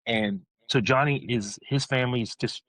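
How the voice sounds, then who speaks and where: A man on a podcast, telling a story in a casual, excited way, rambling, restarting his sentences. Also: medium pitch, moderate pace, poor audio.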